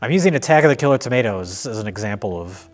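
A man's voice: on the low side, animated, fast talker, faint music behind. A middle-aged man in casual film discussion, picking apart a movie's story in a dry, analytical way. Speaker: co-host reviewing films.

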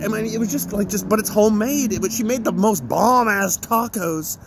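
Emotional, animated middle-aged man. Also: high voice, brisk, hardly any pauses, slight background noise. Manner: emotional and rambling, laughing through sadness. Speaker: vlogger. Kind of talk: casual monologue.

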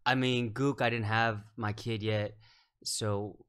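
Man, low voice, relaxed podcast chat, thoughtful, filler-heavy. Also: slow pace, smooth. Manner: relaxed, thoughtful, lots of "you know" and "like". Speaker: film director guest.

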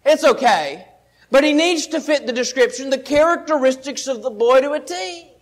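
A preacher delivers a sermon to his congregation in a notably high voice for a man. He talks earnestly, laying out his argument point by point and leaning on plain everyday examples. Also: fairly quick, low-quality recording. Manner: earnest, explains step by step with everyday illustrations. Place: church service.

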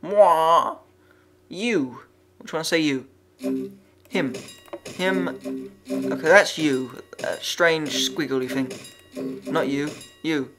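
A man's voice: mid-range voice, extremely slow, creaky, pauses often, fairly bright tone, soft background music. A man playing a video game and commenting aloud, muttering, swearing often and reading the on-screen text as he goes. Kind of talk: let's-play commentary.

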